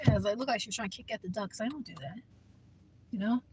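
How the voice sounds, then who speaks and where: A woman's voice: medium pitch, fast, background noise. A woman vlogging from her parked car, talking earnestly in a rambling way and often repeating herself. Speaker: Christian vlogger. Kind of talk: casual talk to camera.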